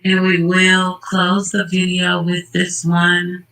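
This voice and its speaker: Fired-up man with a high, bright voice. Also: completely flat delivery, slow, rough recording. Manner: worked-up, emphatic, talks straight to the people involved. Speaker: channel host. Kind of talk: casual true-crime commentary.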